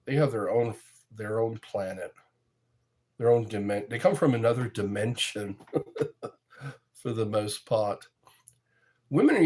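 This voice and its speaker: Guy livestreaming from home, slow easy talk, voice jumps up and down a lot, keeps cracking jokes and laughing at them. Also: medium pitch, darkish tone. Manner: rambling, jokey, reads viewer comments aloud; laughs often at his own jokes. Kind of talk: casual chat with live viewers.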